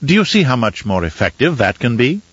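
A man voicing a fussy, pedantic male etiquette advisor with a smooth, silky voice and overly proper, theatrical manner in an audiobook. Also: mid-range voice, very animated, a little fast, no echo, dull audio. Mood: prim, instructive. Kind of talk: audiobook character reading.

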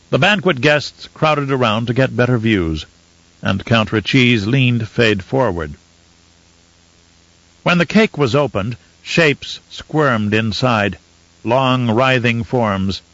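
A male narrator reading a novel aloud in a measured storytelling manner, with a voice of middling pitch. The sound is dry and close, slightly dull in its highs. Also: fairly bright tone, no echo. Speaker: audiobook narrator. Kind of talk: scripted audiobook narration. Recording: slightly muffled dry recording.

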